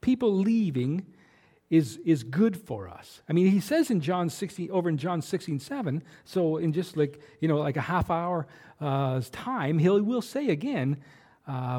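Guy preaching a sermon, kinda high voice, warm and mellow, lots of uh and um. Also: animated, unhurried. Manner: conversational, many fillers and restarts. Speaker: pastor.

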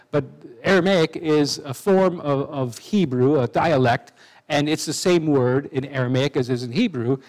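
Male preacher, fairly high voice, animated, chatty sermon with asides. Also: poor audio. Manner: conversational, with asides and restarts.

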